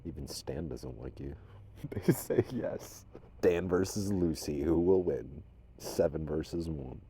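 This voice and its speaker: A man from Minnesota talking casually to unseen spirits as a medium, rambling and shifting between loud commands and soft whispers. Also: a bass voice, unhurried, a little hiss or hum. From Minnesota, USA.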